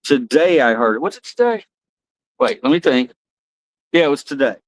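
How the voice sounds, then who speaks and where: A man's voice: mid-range voice, lively intonation, moderate pace, dry recording, poor audio. An American man hosting a livestream, rambling loosely and chatting with viewers by name. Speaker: livestream host. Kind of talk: casual chat with chat readers.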